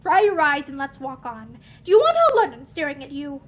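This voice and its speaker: A woman reading aloud, voicing a gruff, bitter young man who speaks curtly and sarcastically. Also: sits high, big pitch swings, fairly quick, fairly bright tone. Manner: curt, sarcastic.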